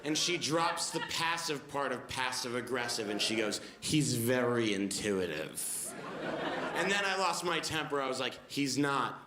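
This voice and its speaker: A stand-up comedian in his twenties tells stories with a wry tone on a comedy club stage, acting out what people said. His mid-range voice is animated, at normal speed with few pauses. The recording is very noisy, echoey, and full of audience laughter before a live crowd.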